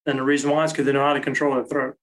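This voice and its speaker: A man, a guest call maker, explaining his technique step by step in a relaxed, practical way. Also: medium pitch, racing, poor audio.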